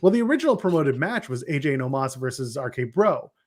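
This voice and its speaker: A young man co-hosting a podcast, casually chatting about wrestling with quick joking asides. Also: mid-range voice, big pitch swings. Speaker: podcast co-host.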